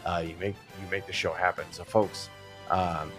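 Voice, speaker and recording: A man's voice: deep voice, fairly even intonation, normal speed, a bit bright, faint music behind. A man co-hosting a casual talk show, reading news items aloud and adding wry side remarks. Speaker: podcast co-host.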